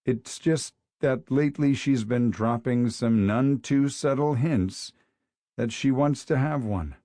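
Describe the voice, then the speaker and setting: A man's voice: mid-range voice, takes it slowly, warm tone, no echo, clean studio sound, close to an everyday voice. A man doing a grumpy, irritable teacher. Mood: grumbling. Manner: muttering, irritable. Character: grumpy male teacher in a foul morning mood. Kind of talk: audiobook character voice.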